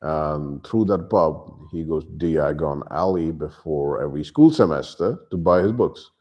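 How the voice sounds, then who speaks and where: A man's voice: very deep voice, measured pace, a little mellow. A man giving a casual book review, retelling the plot loosely with asides and acting out the characters' lines.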